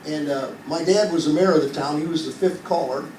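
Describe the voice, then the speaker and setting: Man, 50s, from Iowa, stand-up comic on a cruise ship, high voice, chatty crowd-work storyteller, echoey far-off room sound. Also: a little fast. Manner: chatty storyteller, quizzes the audience, builds to punchlines. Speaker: stand-up comedian. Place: entertainment venue on a cruise ship. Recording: echoey room heard from a distance with ambient noise.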